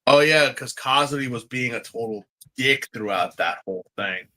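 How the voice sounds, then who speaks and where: Bright, animated male podcast host. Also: medium pitch, normal speed, low-quality recording. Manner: animated, campy, jumps into voices. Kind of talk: casual chat recapping a TV series.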